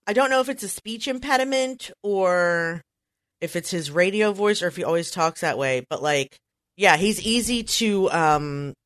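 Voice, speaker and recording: A woman co-hosting a podcast in casual chat, who breaks into quick impressions as she talks. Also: fairly low pitch, a bit bright, no echo. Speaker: podcast co-host.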